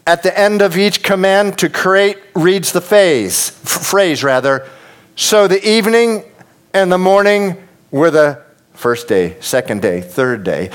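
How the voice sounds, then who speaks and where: A pastor preaching a sermon, emphatic and repetitive, talking straight to his congregation and dropping to a hush at times. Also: fairly high pitch. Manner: addresses the congregation directly.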